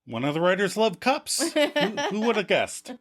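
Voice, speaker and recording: A man's voice: high voice, normal speed. A man co-hosting a podcast, recapping an episode in casual chat and acting out the characters' lines as he goes. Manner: animated storytelling, acting out quoted lines. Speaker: podcast co-host.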